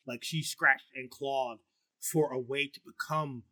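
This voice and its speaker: A middle-aged man with a baritone voice, chatting casually and profanely as a podcast co-host, high and rambling with many fillers and restarts. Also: fairly even intonation, unhurried, sharp tone, dry recording. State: high on marijuana. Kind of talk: casual chat.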